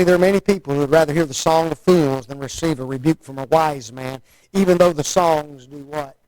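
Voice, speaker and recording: A man's voice: fairly high pitch, no echo, rough recording. A man preaching a sermon in a folksy, conversational way, often asking the listeners rhetorical questions.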